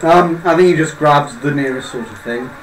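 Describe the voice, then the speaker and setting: A man's voice: on the high side, normal speed. A man playing a tabletop role-play game, switching between casual chat and a prim, overly formal character voice. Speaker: player. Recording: echoey room with background noise.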